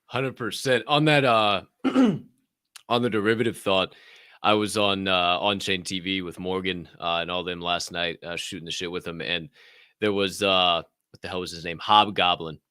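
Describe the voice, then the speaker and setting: A man's voice: low-pitched, steady tone, normal speed, pushed and bright, clear, resonant tone, no room sound, studio quality. A man hosting a podcast in casual chat, loose and profane, laughing often and rambling a little. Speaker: podcast host.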